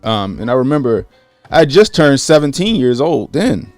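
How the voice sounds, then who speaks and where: A man in his late thirties from Baltimore, hosting a casual livestream, greeting chat viewers and telling a story with lively acted-out quotes. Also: mid-range voice, moderate pace, dry recording, faint music behind. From Baltimore, USA. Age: 30s. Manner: animated, acts out quotes, greets chat by name. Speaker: livestream host.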